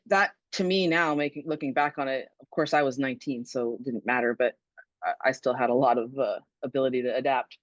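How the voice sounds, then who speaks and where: A woman's voice: very deep voice, no room sound. A woman who was a fire battalion chief, answering webinar questions in an earnest, conversational way with frequent ums and restarts. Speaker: guest speaker, former fire battalion chief. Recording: dull lo-fi dry webinar audio.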